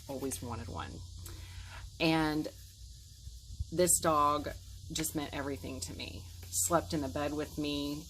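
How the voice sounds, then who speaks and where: Low-voiced woman in her forties telling her story. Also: a bit bright, a little hiss or hum, poor audio. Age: 40s. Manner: earnest, emotional retelling with quoted dialogue. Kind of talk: personal storytelling to camera.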